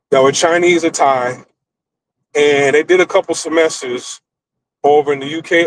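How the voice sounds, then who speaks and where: On a rough recording, a fairly high-pitched middle-aged American man rants his way through a story. His delivery is blunt, profane and animated, much like a laid-back stream host.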